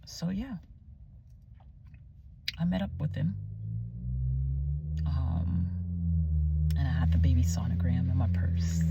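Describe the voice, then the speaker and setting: A young woman telling her personal faith testimony in a casual vlog, animated and chatty, often dropping to a near-whisper and searching aloud for words. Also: rumbling low, vocal fry, dull audio, heavy background noise. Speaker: Christian vlogger sharing her testimony.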